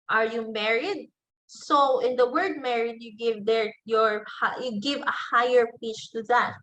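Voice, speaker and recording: A woman teacher with a Filipino English accent gives an online lecture, taking her time over each point. Her voice sits fairly high, and she repeats example phrases slowly so students can follow. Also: steady tone, a bit bright, lo-fi sound. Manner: slow, deliberate, repeats example phrases aloud.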